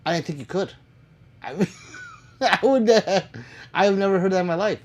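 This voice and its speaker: A man hosting a casual live stream, reading out his viewers' comments and riffing on them with loose jokes and the odd curse. His voice sits a little high for a man. It swings widely up and down as he reacts. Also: expressive, normal speed, pauses often, a little mellow. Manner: reads viewer comments aloud, joking and swearing.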